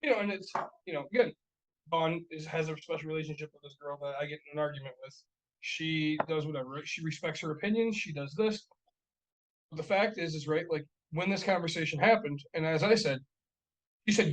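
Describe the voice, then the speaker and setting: A man's voice: fairly high pitch, brisk, rough recording. Blunt, profane man on a podcast. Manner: blunt, profane, rambling with "right?" and "like". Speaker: podcast co-host. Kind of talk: casual podcast chat.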